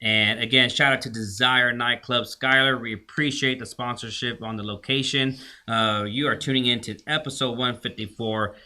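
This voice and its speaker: A man's voice: mid-range voice, steady tone, normal speed, few pauses, pushed and bright. A man hosting a live podcast, upbeat and announcing breaks in a casual chat. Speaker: podcast host.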